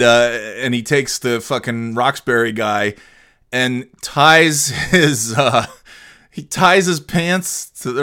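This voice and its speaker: A man's voice: medium pitch, pushed and bright. A man casually recapping a movie, rambling and digressive, swearing freely, laughing often and trailing off into fillers. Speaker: movie reviewer.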